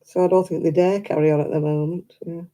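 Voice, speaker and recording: A woman's voice: fairly low pitch, fairly even intonation, fast talker, dark tone. A woman chatting casually to her live stream audience, rambling and self-deprecating.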